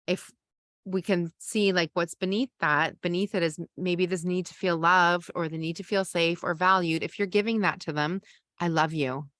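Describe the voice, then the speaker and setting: Calm, low-voiced woman coaching parents. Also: no echo, clean studio sound. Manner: calm, gentle coaching with slow pauses and audible sighs. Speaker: parenting podcast host. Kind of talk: teaching a parenting masterclass.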